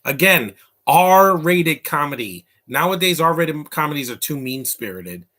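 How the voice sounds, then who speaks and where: A man giving a casual live commentary over a comedy film, rambling through asides, laughing often and reacting loudly to what is on screen. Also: expressive, unhurried. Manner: reacts loudly to the film, quoting lines in a high voice.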